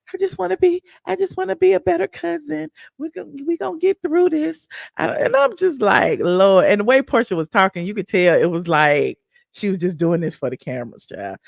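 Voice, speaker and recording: A woman with a Southern American accent, hosting a show where she recaps a reality show and chats with her viewers in a sassy, animated way. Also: fairly high pitch, no room sound, clean studio sound. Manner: chatty, sassy, animated storytelling. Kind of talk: casual chat with live chat.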